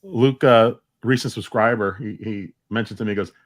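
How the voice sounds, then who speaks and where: A man's voice: on the low side, moderate pace. Friendly man greeting the chat. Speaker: podcast co-host. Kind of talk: casual chat.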